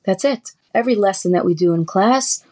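A middle-aged woman from the United States, a teacher, telling classroom stories in an interview with animated, sometimes sing-song delivery. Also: medium pitch, fairly quick. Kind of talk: podcast interview.

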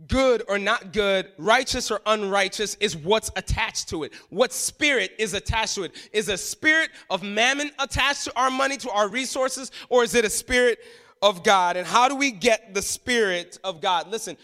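A man preaching a sermon from the pulpit, his voice high and bright. He swings from loud emphatic lines to near-hushed asides. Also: lively intonation, normal speed. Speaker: pastor.

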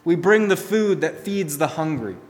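A man preaching a sermon, telling a story and swinging from soft, hushed lines to emphatic ones. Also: on the high side, expressive, normal speed, long reverb tail. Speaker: pastor.

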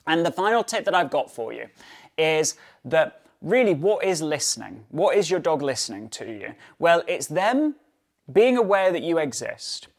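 Guy rambling on his dog podcast, bit high-pitched, lots of "yeah?" and "right?". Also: sing-song, moderate pace, creaky. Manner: chatty, uses many fillers and tag questions. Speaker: podcast host, dog trainer. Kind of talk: casual solo podcast talk.

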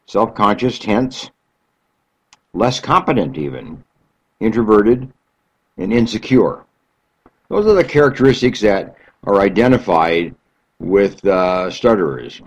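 A man with a husky, lower voice explains his subject in a slow, deliberate way. His pitch rises and falls a great deal as he stretches out the phrases he wants to stress. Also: dull audio. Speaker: speaker explaining stuttering. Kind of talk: explanatory talk.

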